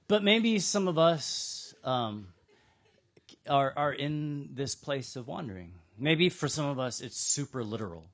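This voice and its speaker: A man's voice: on the high side, normal speed. Conversational, joking male preacher. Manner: conversational, humorous storytelling. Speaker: pastor. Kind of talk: sermon. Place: church in Austin, Texas.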